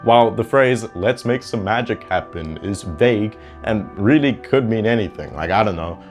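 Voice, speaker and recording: Brief: man, lowish voice, sardonic commentary narrator over faint music. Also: animated, normal speed. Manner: mocking, incredulous. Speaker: commentary YouTuber. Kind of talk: sarcastic drama commentary.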